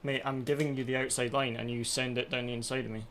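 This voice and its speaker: Man, live racing game stream, mid-pitched voice, frustrated rant, faint clicking behind. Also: flat delivery, fast talker, a bit bright, a little hiss or hum. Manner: frustrated, ranting to himself. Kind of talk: live gameplay commentary.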